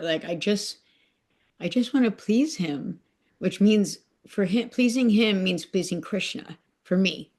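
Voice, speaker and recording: A woman's voice: mid-range voice, unhurried, darkish tone. A woman on a podcast sharing a personal devotional story, talking emotionally and rambling with many fillers. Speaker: podcast guest. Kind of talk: casual heartfelt sharing.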